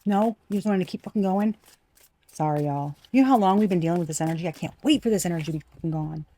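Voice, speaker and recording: A woman's voice: lowish voice, fast talker, dark tone, dry recording. A woman giving a casual collective tarot reading, blunt and profane, repeating her points for emphasis. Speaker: tarot reader.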